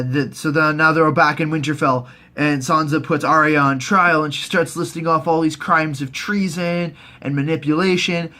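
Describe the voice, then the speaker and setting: A man casually recapping a TV season in a rambling, profane way, often jumping into squeaky put-on voices for the characters. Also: sharp tone. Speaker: host.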